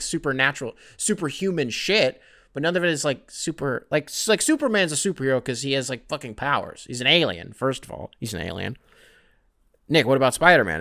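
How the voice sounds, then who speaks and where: A man's voice: a little high, sharp tone. A young man hosting his own podcast alone, rambling casually with plenty of swearing and self-deprecating asides. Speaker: podcast host. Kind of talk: solo casual podcast rant.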